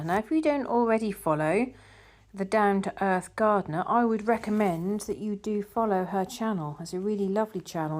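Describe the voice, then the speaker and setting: A middle-aged woman chatting casually as a garden vlogger, rambling a little with fillers. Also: mid-range voice. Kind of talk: casual vlog narration.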